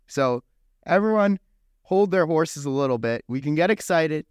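A young man co-hosting a sports podcast, relaxed and wry, often hedging his hopes. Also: a little high, a little slow, clear, resonant tone, no room sound, clean studio sound. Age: young adult. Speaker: podcast co-host. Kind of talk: casual sports podcast chat.

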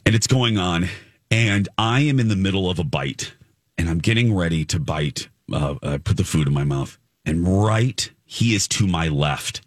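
A man's voice: deep voice, moderate pace, no echo, clean studio sound. A man co-hosting a casual podcast chat, telling a funny story with lots of energy and acting out the people in it. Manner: animated storyteller, acts out voices of people in the story. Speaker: podcast co-host.

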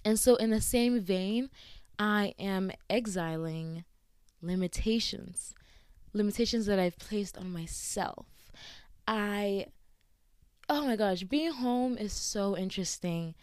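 A young woman hosting a casual solo podcast, chatty and giggly, acting out quoted lines with lively jumps in pitch. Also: takes it slowly, clean tone, no room sound, clean studio sound. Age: young adult. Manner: chatty and giggly, with frequent laughs. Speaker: podcast host.

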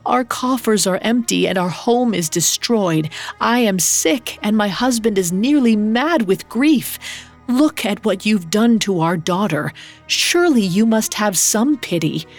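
A woman voicing a grieving mother who speaks in a soft, pleading voice. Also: mid-range voice, lively intonation, slow pace, few pauses, soft background music.

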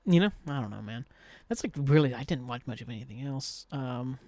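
A man's voice: medium pitch, expressive, fairly quick, mellow, no room sound. A man hosting a solo podcast, rambling in casual chat with lots of "like" and easy swearing, recorded at his home desk. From Southern Ohio. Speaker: podcast host.

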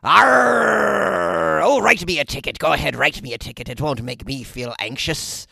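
Swaggering pirate man, put on by a comedian, growling drawl, loud, dry sound. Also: on the high side, unhurried, creaky, slightly rough, no echo, voice pushed up, exaggerated voice. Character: swaggering male pirate speeding driver.

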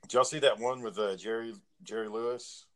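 A man's voice: medium pitch, steady tone, brisk. A man in casual chat with friends, telling long rambling stories and acting out what people said. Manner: rambling storyteller, acts out quotes.

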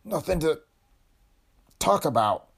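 A man's voice: lowish voice, huge pitch swings, fast. A man voicing a scheming lawyer who is cornered and protesting, in an audiobook reading. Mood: gasping. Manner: protesting, panicky. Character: scheming middle-aged male lawyer, cornered and panicky.

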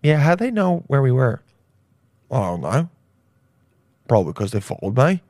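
A man's voice: medium pitch, big pitch swings, normal speed, a little mellow, no echo, clean studio sound. A man hosting a comedy podcast, rambling crudely and laughing at his own jokes. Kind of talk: casual comedy podcast monologue.

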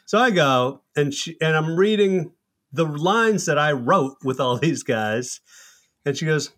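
A man telling salty, animated stories about his comedy troupe in a casual podcast chat. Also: fairly high pitch, measured pace. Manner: profane, animated anecdotal storytelling. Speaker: comedy troupe member, co-host.

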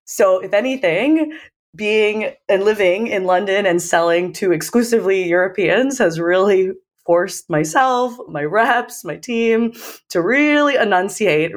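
A woman's voice: medium pitch, unhurried. An American woman, a sales leader, telling stories in a casual interview and acting out the dialogue. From United States. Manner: animated storyteller, acts out dialogue. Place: living in London.

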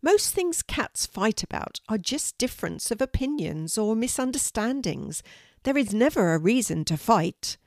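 An older woman voicing a polite, gentle, regal pampered female house cat in a storybook reading. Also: on the high side, big pitch swings, measured pace, dry recording, studio quality, pitched above the performer's own voice. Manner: polite, gentle, well-spoken.

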